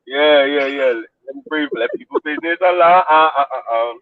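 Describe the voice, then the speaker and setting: A man's voice: a little high, a little fast, no room sound. A man, joining a live chat as a caller and rambling about his work day with lots of slang and swearing. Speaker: guest caller. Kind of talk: casual chat. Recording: dull lo-fi call audio.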